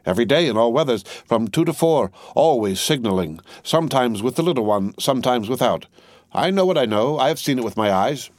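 A man's voice: medium pitch, expressive, brisk, darkish tone, dry recording, clean studio sound, voice pushed up, natural voice. A man reading the part of a fearful, eager-to-please male wood sawyer, speaking emphatically. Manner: emphatic, overeager.

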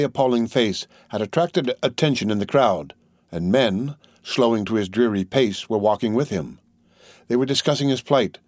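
A man narrating a classic novel as an audiobook in a measured, even reading. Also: medium pitch, dry recording, studio quality.

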